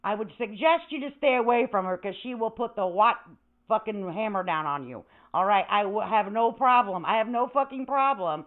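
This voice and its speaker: A woman's voice: mid-range voice, lively intonation, brisk. An older woman hosting a livestream, ranting in a brash, profane, rambling way, with static on the line. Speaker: livestream host. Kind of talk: casual livestream rant. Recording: tinny phone-like audio with static.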